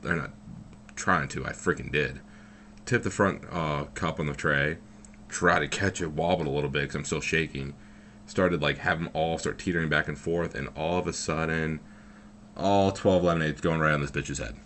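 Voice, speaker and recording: A man's voice: extremely low pitch, normal speed, a bit bright, slight background noise. A young man telling a story from his own life in a loose, rambling way, full of fillers and swearing. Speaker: vlogger. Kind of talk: casual storytelling.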